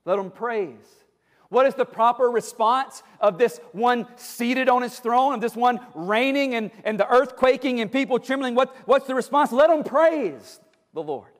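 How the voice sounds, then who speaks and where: A man's voice: extremely high pitch, moderate pace, big-room sound. A man preaching a sermon as pastor, emphatic and repeating words for stress.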